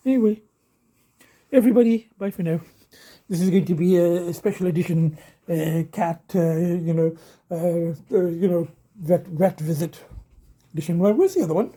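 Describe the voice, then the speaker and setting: A man's voice: sits high, normal speed, pauses often, mellow, rough recording. A middle-aged man vlogging in a rambling, casual way, full of fillers and swearing, cooing to his cats. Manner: coos baby talk to his cats.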